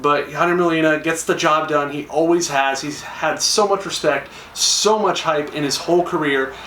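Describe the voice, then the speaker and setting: A man's voice: fairly high pitch, fairly even intonation, moderate pace, fairly bright tone, recorded from a distance, slight background noise. A young man chatting enthusiastically to camera, acting out quoted lines. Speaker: YouTuber. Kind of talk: casual talk to camera. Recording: echoey room, a little off-mic.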